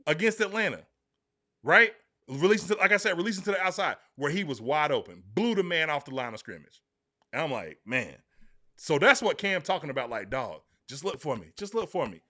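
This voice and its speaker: A man with a Southern US accent hosting a casual sports talk show, telling stories emphatically. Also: on the high side. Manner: emphatic, animated storytelling.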